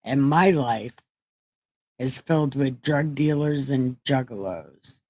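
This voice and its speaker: Slow, profane woman livestream host. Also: extremely low pitch, dark tone, no room sound. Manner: profane, rambling, self-mocking. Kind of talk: casual irreverent bible-reading livestream.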